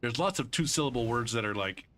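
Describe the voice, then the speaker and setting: A man's voice: medium pitch, lively intonation, fast, sharp tone, a little hiss or hum. A male streamer chatting casually with his viewers while playing, arguing and swearing freely. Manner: argumentative, bantering with chat. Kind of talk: casual live-stream chat while gaming.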